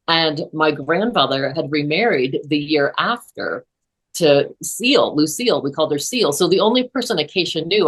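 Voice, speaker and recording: A woman's voice: sits low, fairly bright tone, rough recording. A woman psychotherapist, a guest on an interview, telling a personal story earnestly with frequent restarts.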